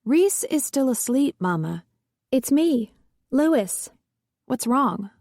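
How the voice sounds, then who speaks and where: A woman's voice: sits high, big pitch swings, slow pace, a little mellow, no echo, clean studio sound, voice pushed up, full character voice. A woman voicing an anxious grown son who tries to placate his demanding mother. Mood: anxious pleading. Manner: nervous, eager to please.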